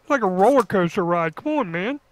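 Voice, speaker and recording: A man's voice: high-pitched, expressive, fairly quick. A man in easygoing, jokey casual chat while playing a game with friends. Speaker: fellow player.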